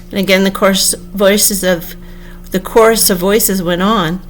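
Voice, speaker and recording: A woman narrating a classic storybook aloud as an audiobook, in an expressive, unhurried manner. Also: medium pitch, faint music behind. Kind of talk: audiobook reading.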